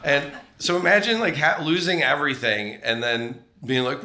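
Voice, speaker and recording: Bright-voiced man telling stage stories. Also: a little high, moderate pace, few pauses. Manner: rambling, self-deprecating, animated voices for quotes. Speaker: comedian guest. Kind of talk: on-stage comedic storytelling interview. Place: comedy club stage.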